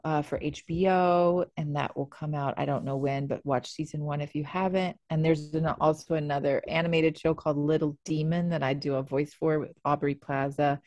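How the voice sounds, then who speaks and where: Low voiced lady chatting on a podcast, laughs a lot, dry sound. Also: steady tone, darkish tone, no echo. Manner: chatty, quick to laugh, lots of fillers. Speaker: actor and comedian guest. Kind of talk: casual podcast interview.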